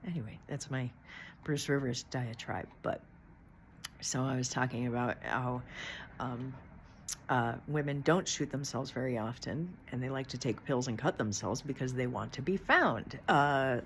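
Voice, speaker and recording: A middle-aged woman with a low-pitched voice talks through a loose, rambling monologue, frank and chatty, with the odd curse. A faint hum sits under the recording. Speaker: channel host. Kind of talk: casual monologue.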